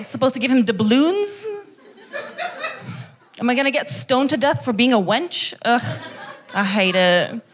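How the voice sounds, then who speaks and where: A woman's voice: fairly high pitch, a bit bright. A woman from Kazakhstan performing a stand-up comedy set, full of sarcastic, mock-gushing irony. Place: comedy club.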